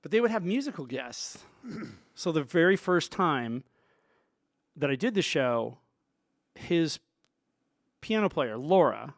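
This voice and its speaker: A man's voice: fairly high pitch, very animated, slow pace, long pauses, dry recording, clean studio sound. A man, a sound engineer, telling stories from his work in a loose, rambling way full of asides. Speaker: sound engineer, show guest. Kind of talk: storytelling in a conversation.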